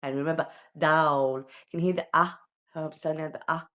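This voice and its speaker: A woman's voice: deep voice, fairly even intonation, rapid-fire, fairly bright tone. A woman teaching children the alphabet, patiently sounding out each letter and often checking in with "okay?". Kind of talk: slow alphabet lesson for children.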